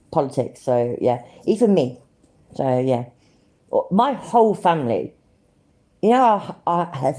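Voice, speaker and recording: Low-voiced sarcastic British woman. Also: warm tone. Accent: British English. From Britain. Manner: sarcastic, sweary ranting. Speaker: livestream host. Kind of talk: live commentary reacting to clips.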